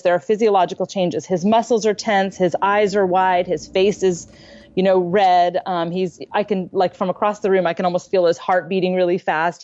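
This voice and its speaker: A woman guest on a parenting interview, telling a personal story in a candid, self-deprecating and animated way from her room at home. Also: mid-range voice, dull audio. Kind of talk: conversational storytelling.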